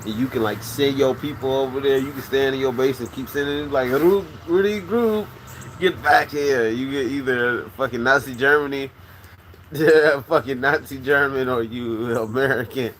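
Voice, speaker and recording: A man hosting a casual livestream, loud and rowdy, who laughs often and says he is a little drunk. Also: medium pitch, steady tone, moderate pace, a little hiss or hum. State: slightly drunk. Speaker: livestream host.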